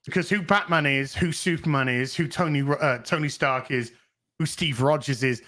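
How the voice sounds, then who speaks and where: Swearing podcast guy ranting hard, high bright voice that jumps around a lot. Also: normal speed. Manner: profane, animated ranting. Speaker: podcast co-host. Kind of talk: casual podcast chat.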